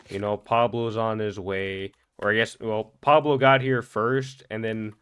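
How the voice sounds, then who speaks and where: Rambling young man, low voice. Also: fairly bright tone, slight background noise. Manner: rambling, stumbling over words. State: energetic after a sleepless night. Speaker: gaming vlogger. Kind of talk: casual commentary over gameplay.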